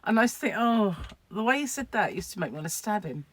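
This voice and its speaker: A woman's voice: mid-range voice, expressive, fast, fairly bright tone. A woman chatting casually to camera at home, rambling and laughing at her own asides. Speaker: crochet vlogger.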